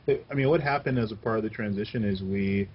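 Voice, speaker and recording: A man from a game studio answering interview questions in a casual, halting way with many fillers. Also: on the low side, breathy edge, lo-fi sound.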